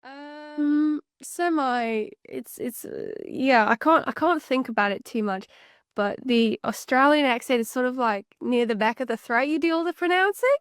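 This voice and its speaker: A woman's voice: high voice, moderate pace, clear, resonant tone, dry recording, clean studio sound. A young woman co-hosting a podcast, chatting in a rambling way with light laughs. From England. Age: young adult. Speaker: podcast co-host. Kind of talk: casual chat.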